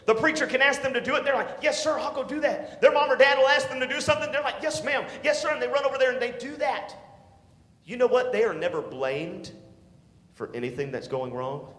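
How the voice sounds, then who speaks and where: A man preaching a sermon to teenagers, swinging from shouts to hushed tones and calling for responses. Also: very high voice, brisk. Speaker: youth pastor. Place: church sanctuary. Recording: echoey hall.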